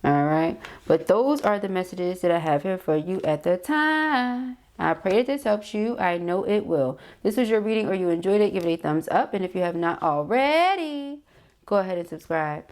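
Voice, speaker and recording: A woman's voice: fairly low pitch, expressive, normal speed, darkish tone. A woman giving a casual tarot reading, reading card affirmations aloud and chatting with viewers. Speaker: tarot reader.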